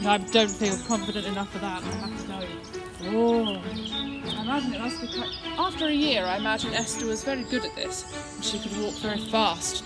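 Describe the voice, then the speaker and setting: A woman leading a children's church lesson outdoors in woodland, talking to the kids in a playful, encouraging way. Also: medium pitch. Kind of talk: children's activity lesson and storytelling. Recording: outdoor recording with birdsong behind.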